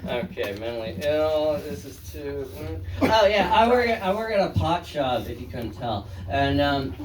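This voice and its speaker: A man's voice: fairly high pitch, big pitch swings, moderate pace, a crowd in the background. A man doing a stand-up set, rambling and self-deprecating, often trailing off. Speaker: stand-up comedian. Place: small room, live audience. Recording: echoey room from far off.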